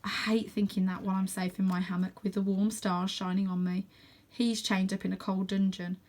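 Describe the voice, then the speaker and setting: A woman reading a children's novel aloud, with calm, steady first-person narration. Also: medium pitch, normal speed. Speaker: storybook reader.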